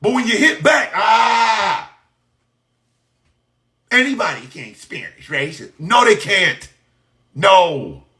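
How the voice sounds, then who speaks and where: Man, impassioned monologue, high pitch, sharp bright tone, profane, shouting bursts. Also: sing-song, slow pace, long pauses. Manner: mocking, rhetorical questions.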